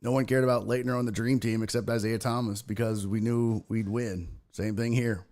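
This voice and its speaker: A man's voice: fairly low pitch, steady tone, brisk, a little mellow. A man hosting a casual livestream sports talk show, swearing freely as he reads chat comments aloud and answers them.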